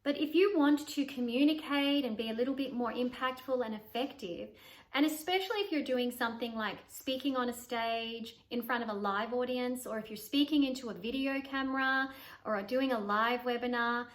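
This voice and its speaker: A woman voice coach giving an instructional talk to camera, demonstrating vocal exercises by shifting her pitch and volume. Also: normal speed. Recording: roomy echo.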